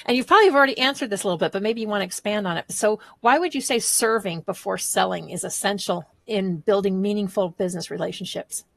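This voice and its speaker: A woman's voice: medium pitch, fast talker, creaky, few pauses, fairly bright tone, dry recording. A woman hosting a podcast interview, asking open questions and affirming her guest's answers. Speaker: podcast host.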